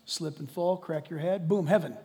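A man preaching a sermon as pastor, swinging from shouting to hushed, quiet lines. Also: fairly high pitch, moderate pace, slight background noise. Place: church sanctuary. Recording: long reverb of a large hall.

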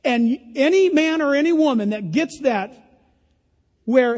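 A man's voice: very high voice, lively intonation, a little slow, darkish tone. An older man preaching a sermon as a pastor, emphatic and earnest with playful asides. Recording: long reverb of a large hall.

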